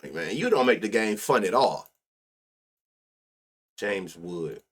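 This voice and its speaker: On his live sports-betting stream, an American host speaks on the low side, very animated and brisk, with a breathy edge. His casual chatter is full of slang and profanity, punctuated by frequent laughs and stats muttered under his breath.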